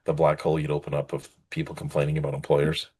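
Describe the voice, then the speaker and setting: A man's voice: a bass voice, monotone, warm tone, slightly rough. A man co-hosting a podcast in casual chat, easygoing and steering the talk along. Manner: easygoing, quick to laugh, steering the conversation. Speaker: podcast co-host.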